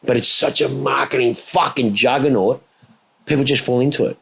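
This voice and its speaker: A middle-aged man hosting a podcast, telling stories in a casual, heavily profane and animated way. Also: medium pitch, normal speed, creaky, husky. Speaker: podcast host. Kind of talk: casual chat.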